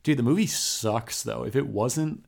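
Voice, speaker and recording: A man's voice: mid-range voice, unhurried, gravelly. A man co-hosting a podcast in laid-back casual chat, full of "dude" and "like.". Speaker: podcast co-host.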